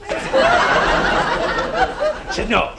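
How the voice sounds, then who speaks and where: A man's voice: drawn-out words, very noisy. A man doing a stand-up routine, rambling, stumbling over the lines and laughing at his own joke. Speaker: stand-up comedian.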